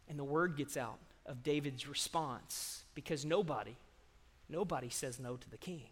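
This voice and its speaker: A preacher tells a Bible story in a loose, conversational way, often swelling to loud emphasis. His voice is fairly high for a man, and a long reverb trails after it. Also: normal speed, slightly rough. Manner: storytelling, conversational, surges in loudness. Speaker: pastor. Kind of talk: sermon.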